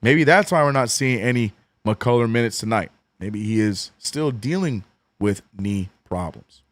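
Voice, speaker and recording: A hoarse, cracking voice with a New Orleans accent belongs to a man doing fan play-by-play of a game on stream while chatting with viewers. He talks at a measured pace with no room sound, jumping from excited calls to low, mumbled asides to his audience.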